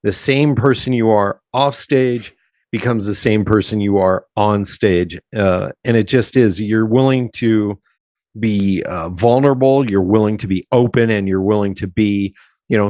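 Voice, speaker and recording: Casting: man from Pennsylvania, podcast host, lower voice, dry close mic, chatty, laughs a lot. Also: moderate pace, darkish tone, no echo. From South Central Pennsylvania. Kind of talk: casual interview chat.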